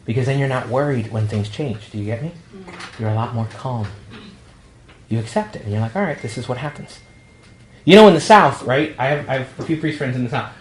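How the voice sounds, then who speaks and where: A priest with a New York accent giving a talk to young adults, telling jokey stories and acting out quotes. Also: male voice, medium pitch, reverberant, a little hiss or hum. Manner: storytelling, jokey, acts out quotes. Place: meeting room.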